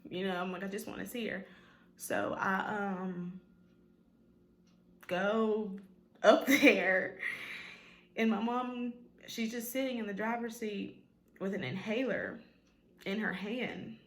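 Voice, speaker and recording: A woman's voice: medium pitch, slow, pauses often, echoey room. A woman telling a personal story in a vlog, emotional, with many fillers, often quoting what others said. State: tearful at times. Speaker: vlogger.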